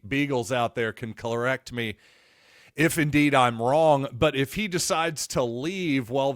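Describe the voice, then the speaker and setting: A man's voice: medium pitch, a bit bright, no room sound, studio quality. A man hosting a sports podcast, talking casually in a wry, digressive, self-deprecating way. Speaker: podcast host.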